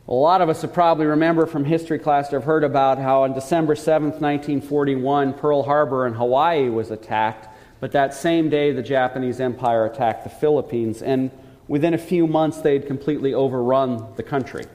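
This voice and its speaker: Man, preacher, sermon, earnest storytelling, mid-pitched voice, long hall reverb. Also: steady tone, a little mellow. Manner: earnest storytelling, slows for emphasis.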